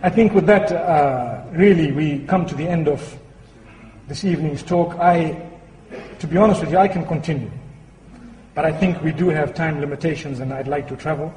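A man's voice: on the high side, normal speed, darkish tone, slight background noise. Man giving a talk in an echoey hall. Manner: storytelling, acts out voices with humor. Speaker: Islamic speaker. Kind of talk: sermon with anecdote.

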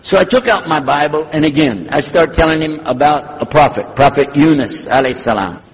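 An older man telling a story from his years as a preacher, husky and animated, acting out the dialogue. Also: fairly high pitch, fairly quick. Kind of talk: storytelling talk. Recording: lo-fi recording in a reverberant hall.

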